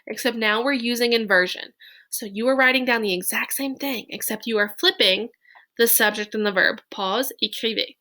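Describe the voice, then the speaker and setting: A woman with a fairly high, bright and sharp voice leads a recorded French lesson. She slows down to dictate French phrases, then explains them in playful, chatty English. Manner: chatty, playful teacher talk. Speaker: French teacher.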